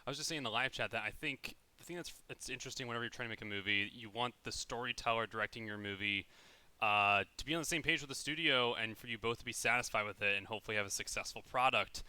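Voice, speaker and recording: A man's voice: mid-range voice, fast talker, sharp tone, clear, resonant tone, no room sound. A man co-hosting a live movie news panel, reasoning aloud in a thoughtful way with plenty of hedges. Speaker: co-host. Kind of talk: casual panel commentary.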